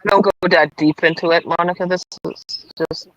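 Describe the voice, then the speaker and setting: A man co-hosting a casual live stream, reading card affirmations aloud at a deliberate pace and apologizing for small slips. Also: a little high, fairly even intonation, a bit bright, dry recording, lo-fi sound. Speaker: livestream co-host reading cards.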